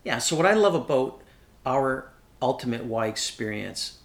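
A man speaking as an inspirational speaker, passionate and emphatic, his voice rising to high peaks as he gets carried away. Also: big pitch swings, moderate pace. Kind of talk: enthusiastic motivational talk.

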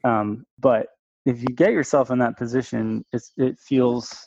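A gravelly-voiced man speaks as a podcast guest, weighing each point in a measured, reflective way. The sound is dry and a little muffled. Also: medium pitch, steady tone, darkish tone, no room sound. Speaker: digital agency owner, guest. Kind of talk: casual business chat. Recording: dry, dull-sounding mic.

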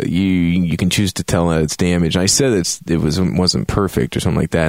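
A man with a low voice talks through a video game in a loose, rambling podcast review. He swears freely, laughs at his own asides and circles back on his points. The sound is dry and close, with no room around it. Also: a little mellow, dry recording. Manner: rambling, profane, jokey asides. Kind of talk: casual spoken game review. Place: home, drinking a beer on a Saturday.

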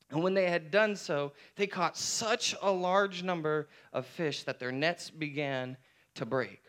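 A man's voice: a little high, fairly bright tone. A man preaching a sermon to his church in a conversational way, often repeating phrases for emphasis. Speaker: pastor.

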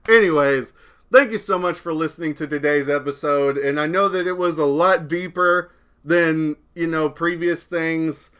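Young man, solo podcast host, bright voice, slightly high pitch, rambling, casual swearing. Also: fairly even intonation, moderate pace, smooth.

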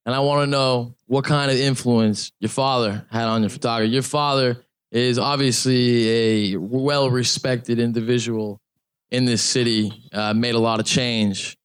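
A man interviewing a photographer and asking earnest, measured questions. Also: medium pitch, fairly even intonation, clean tone.

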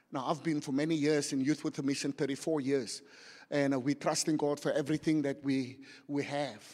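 A middle-aged man preaching in a church, his voice pitched high. He rouses the congregation with animated calls. A long reverb rolls through the hall behind him. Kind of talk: sermon.

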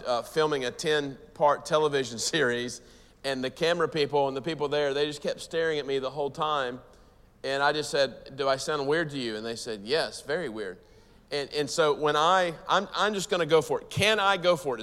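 Fast-talking American pastor in a hall. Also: male voice, on the high side. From United States. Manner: fast, animated preaching with audience asides. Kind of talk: sermon. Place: church hall with audience.

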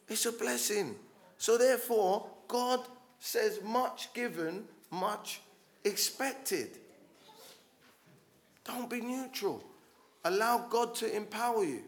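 A man preaching a sermon, passionate and urging, who often restarts his words and swells to loud calls to his congregation. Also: high voice. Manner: passionate, rising to loud exhortation with frequent restarts.

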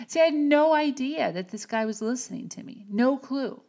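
A woman hosting a podcast, giving an earnest, encouraging motivational talk with slow, emphatic phrasing. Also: high-pitched, expressive, darkish tone. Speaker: podcast host. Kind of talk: motivational monologue.

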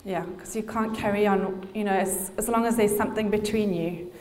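Middle-aged woman, gentle, hesitant delivery, mid-pitched, hall reverb behind her. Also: steady tone, moderate pace. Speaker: pastor's wife. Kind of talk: sermon. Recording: reverberant hall, faint noise.

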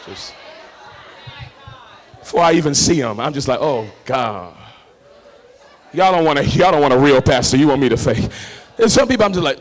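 A man preaching a sermon as pastor, swinging between shouted, sung-out lines and quiet, close talk, with a Black lilt. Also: medium pitch, lively intonation, normal speed, pauses often.

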